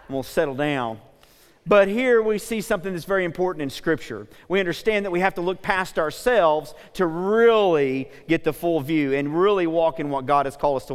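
A man preaching to a congregation with a fast, energetic delivery and a smooth, resonant, slightly high voice. He speaks in a large church hall, and a long reverb follows his words. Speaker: pastor. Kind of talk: sermon. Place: church sanctuary.

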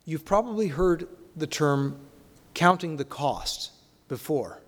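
A man preaching a sermon, leaning on rhetorical questions and swinging between loud emphatic lines and quiet, hushed ones. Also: a little high, animated, slow, long reverb tail.

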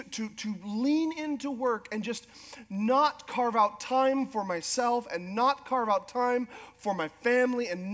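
A middle-aged man with a strikingly high voice delivers a sermon. He is animated and quick to poke fun at himself. His words echo with a long reverb through a large church hall. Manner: animated, self-deprecating humor, acts out quoted spouses. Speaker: pastor.

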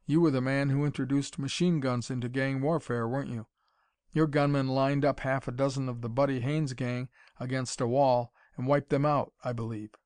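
A man voicing a calm, suave young male inventor hero. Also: mid-range voice, normal speed, no room sound, natural voice.

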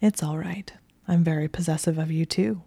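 A woman's voice: deep voice, fairly even intonation, moderate pace, vocal fry, dark tone, husky, no room sound, heavily acted. A woman voicing a teasing, possessive young male wizard librarian in a story reading. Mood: smug. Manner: teasing, smug.

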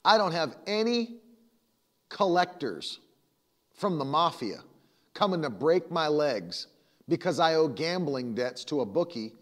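Male pastor with a fairly high voice, emphatic conversational sermon, long reverb. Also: big pitch swings, measured pace, long pauses. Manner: emphatic, repetitive, conversational preaching.

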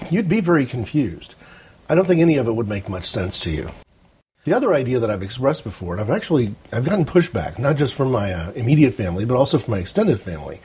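A man's voice: medium pitch, warm tone, husky. An American man hosting a rambling opinion monologue, talking wryly with small hesitations. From United States. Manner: rambling, wry commentary with hesitations. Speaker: host.

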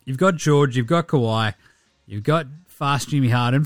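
A man's voice: fairly high pitch, normal speed, a bit bright, no echo, studio quality, soft background music. An Australian man hosting a sports podcast, talking casually and sarcastically, swearing often and mocking the people he talks about. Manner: profane, sarcastic, mocking impressions. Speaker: podcast host.

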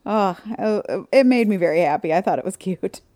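A woman's voice: medium pitch, animated, normal speed, warm tone, no echo, studio quality. A woman co-hosting a casual chat podcast, telling playful anecdotes. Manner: chatty, playful, stumbles when storytelling. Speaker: podcast co-host.

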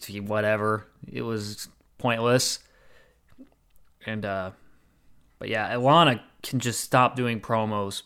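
Man, wrestling reviewer, casual rambling recap, lots of uhs, smooth clear voice. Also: mid-range voice, fairly bright tone. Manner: rambling, many fillers and restarts.

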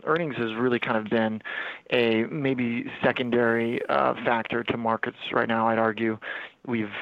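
A man, a financial news anchor, giving fluent, steady commentary on the markets over a remote line. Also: medium pitch, vocal fry, muffled recording.

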